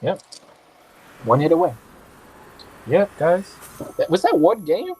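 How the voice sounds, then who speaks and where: A man's voice: fairly high pitch, slow pace. Young dude talking over his game, hypes up then says sorry for cursing, faint hiss behind. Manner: excitable, swears freely, apologetic asides. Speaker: gaming podcast host. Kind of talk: casual gameplay commentary.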